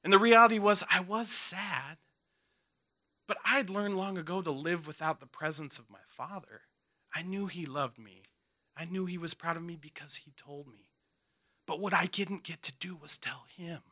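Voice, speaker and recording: A man shares a personal story earnestly and haltingly, restarting often, his slightly high voice going soft at the emotional moments.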